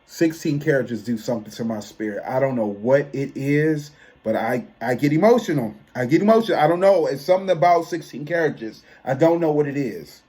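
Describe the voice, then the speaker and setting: A man, giving a chatty, expressive album review that often trails off and restarts. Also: fairly high pitch, a little fast, hardly any pauses, slightly rough. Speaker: tarot reader and music reviewer. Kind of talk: casual album review monologue.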